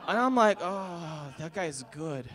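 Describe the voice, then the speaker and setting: A man's voice: a little high, animated, takes it slowly, background noise. A man in his twenties performing a college stand-up set, telling stories and acting out family members and strangers. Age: 20s. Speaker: stand-up comedian. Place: college stage before a laughing audience.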